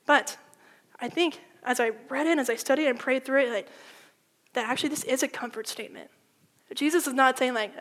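A woman preaching a sermon in a casual, animated storytelling way, full of "like", swinging between loud and hushed. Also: high-pitched, fairly quick. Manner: informal, with frequent "like".

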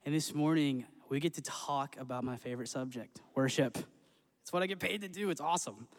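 A man's voice: a little high, brisk. Upbeat man leading worship in a church hall. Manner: upbeat, joking, earnest. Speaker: worship leader. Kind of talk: church service worship talk and scripture reading. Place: church sanctuary. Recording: echoey church hall with long reverb.

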